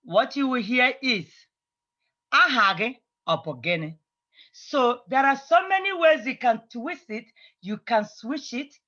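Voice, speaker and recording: Teacher drilling phrases, bright crisp tone, muffled online class audio. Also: mid-range voice, lively intonation. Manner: patient, repeats phrases slowly for drilling. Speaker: language teacher. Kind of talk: online language lesson.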